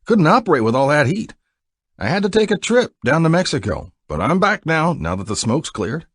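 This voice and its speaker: A man voicing a cocky, swaggering male outlaw who talks in loud, brash, profane banter. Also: fairly high pitch, sing-song, normal speed, husky, no room sound, clean studio sound, pitched above the performer's own voice. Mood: brash shouting.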